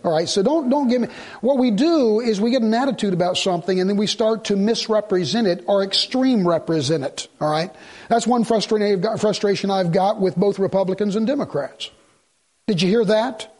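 A man's voice: sits high, fairly quick. A man preaching a sermon, telling a story and acting out both sides of a conversation. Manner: animated storytelling, acts out quoted dialogue.

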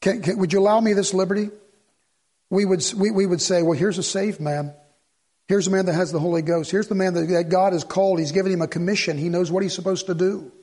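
A man preaching a sermon as the pastor, swinging from loud exhortation to low, earnest asides. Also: steady tone, fast talker.

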